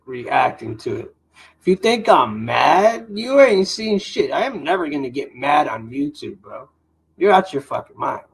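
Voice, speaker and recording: Loud, husky man ranting on a stream. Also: a little high, low-quality recording. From Italian heritage. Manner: loud, emphatic, combative. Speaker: streamer reacting live. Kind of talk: profane reaction commentary.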